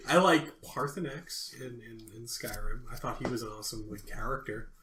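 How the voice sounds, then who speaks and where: A man's voice: mid-range voice, moderate pace, echoey room, far from the mic, crowd noise. A man co-hosting a casual gaming podcast, rambling with filler words and laughing often. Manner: rambling, laughing, puts on voices for bits. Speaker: podcast co-host.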